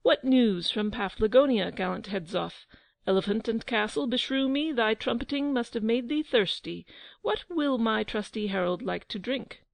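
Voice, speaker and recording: A woman's voice: on the high side, moderate pace, creaky, no echo. A woman playing a roaring tyrant king. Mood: pompous. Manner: roaring, pompous. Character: blustering tyrant king, old, quick-tempered.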